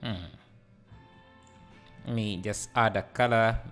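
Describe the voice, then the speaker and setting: A man hosting a live software tutorial, hesitant and full of fillers, laughing easily as he reads the chat. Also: on the low side, fairly even intonation, slow, faint music behind. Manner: hesitant, many fillers and restarts. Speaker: livestreaming 3D tutor. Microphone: headset.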